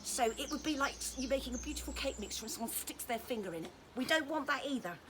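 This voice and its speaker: A fairly high-voiced woman talks through a touch-therapy demonstration in a gentle, chatty way, tossing in little jokes as she goes. There is a faint hiss of noise behind her voice. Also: lively intonation, quick pace. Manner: gentle, friendly, joking asides. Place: indoors at home during lockdown.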